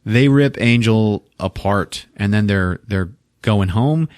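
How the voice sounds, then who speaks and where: A man's voice: on the low side, takes it slowly, darkish tone, no echo, studio quality. A man hosting a podcast, casually retelling a movie plot with lots of laughing and swearing. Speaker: podcast host.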